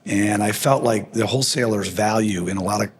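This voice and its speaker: A man's voice: fairly low pitch, fairly quick. A man speaking as a company executive in a casual business interview, plainspoken and joking, often restarting his sentences. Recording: noisy background.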